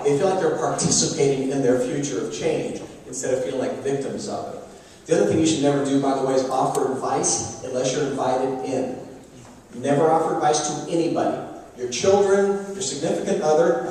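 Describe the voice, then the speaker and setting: A man giving a lively, joking business talk at a luncheon, speaking direct advice to the audience. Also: a little high, a little hiss or hum. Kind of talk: live seminar talk. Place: luncheon hall. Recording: echoey hall from far off.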